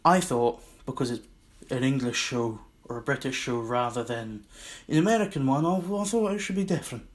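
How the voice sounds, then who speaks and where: A man's voice: mid-range voice, moderate pace. A man with a Scottish accent hosting his own podcast, rambling and self-mocking in a casual solo monologue. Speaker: podcast host.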